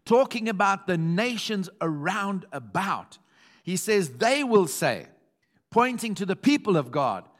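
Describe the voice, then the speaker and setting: Man, pastor, animated sermon, reads scripture aloud, jokes with the church, fairly high voice. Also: unhurried.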